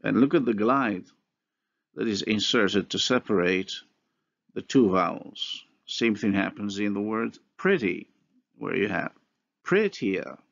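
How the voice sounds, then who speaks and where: A man lecturing on phonology at a slow, deliberate pace, his low voice gravelly and creaky. He works through examples step by step, pausing often and restarting now and then. The recording sounds dull and lo-fi. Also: fairly bright tone. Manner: slow, methodical explaining with pauses and restarts. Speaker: university linguistics lecturer.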